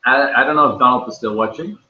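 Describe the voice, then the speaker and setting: A Dutch man, native Dutch speaker, hosting a casual livestream in English and talking loudly and animatedly. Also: mid-range voice, fast. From Netherlands. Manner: loud, animated storytelling. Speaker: livestream host. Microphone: computer microphone. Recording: echoey room, dull lo-fi sound.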